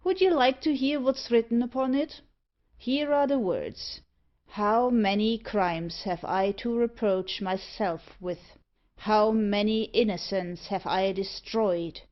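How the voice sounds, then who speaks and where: A woman's voice: medium pitch, slow pace, highs cut off, lightly acted. A woman reading the part of a nervous, superstitious male dog fancier. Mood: uneasy.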